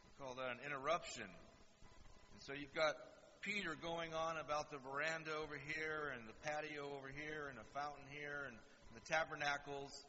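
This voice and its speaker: A man preaching a sermon and explaining scripture, acting out quoted lines with animated asides. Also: fairly high pitch, moderate pace, a little hiss or hum. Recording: dull lo-fi sound in a reverberant hall.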